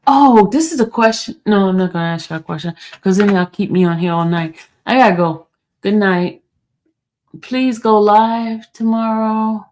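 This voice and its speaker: A woman's voice: mid-range voice, moderate pace, a little mellow. A woman hosting a casual livestream, chatty and teasing as she talks straight to her chat and reads their comments. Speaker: livestream host.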